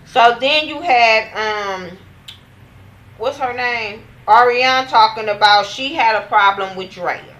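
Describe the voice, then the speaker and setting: A young woman casually recapping a TV episode in a vlog, animated and profane, acting out what others said. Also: fairly high pitch, takes it slowly, lo-fi sound. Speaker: TV show reviewer.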